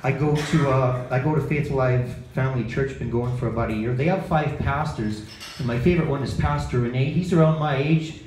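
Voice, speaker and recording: A man's voice: mid-range voice, fairly quick, a little mellow, a little hiss or hum. A man doing an open mic stand-up set in a bar, self-deprecating and quizzing the crowd, then chatting about how it went. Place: bar comedy night. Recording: echoey bar room, faint ambience.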